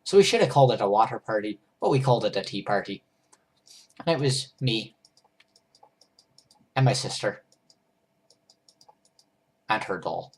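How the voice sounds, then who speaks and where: Husky man, rambling goofy storyteller, narrating while doodling; loose, chatty, self-interrupting. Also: on the low side, animated, moderate pace, long pauses. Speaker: storyteller and drawer.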